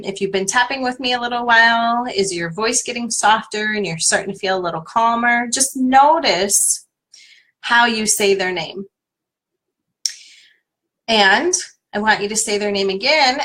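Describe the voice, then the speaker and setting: A woman's voice: a little high, sharp tone. A woman leading a live tapping session as a coach, giving encouraging, step-by-step instructions to viewers. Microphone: livestream webcam.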